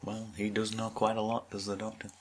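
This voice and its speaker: Deep-voiced man with deadpan comebacks. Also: brisk, slight background noise. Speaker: podcast co-host. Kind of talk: casual chat.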